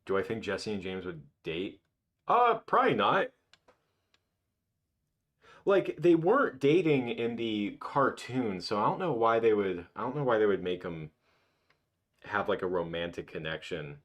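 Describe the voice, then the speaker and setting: Young male livestream host, lowish voice, loose rambling delivery full of false starts. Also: animated, normal speed. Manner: rambling, reminiscing, full of restarts. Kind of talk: casual livestream chat.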